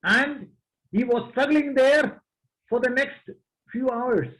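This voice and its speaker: Slow, high-voiced preacher. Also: male voice, a bit bright, poor audio. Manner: slow, emphatic, addresses the congregation. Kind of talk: sermon.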